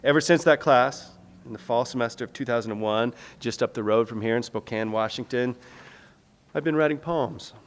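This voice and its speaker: A man in his forties reads his poetry aloud at a lecture, measured and rhythmic, his voice at an ordinary middle pitch. The sound rings out with a long reverb from the hall around him. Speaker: guest lecturer and poet. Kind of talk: public lecture with poetry reading.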